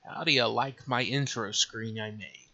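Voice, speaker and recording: His voice is mid-range with fairly even intonation, vocal fry, and a bright, forceful tone, and he doesn't rush. He's hosting a casual screen-recorded tutorial on game development, mumbling to himself and thinking aloud as he navigates computer menus, in a slightly dull lo-fi recording.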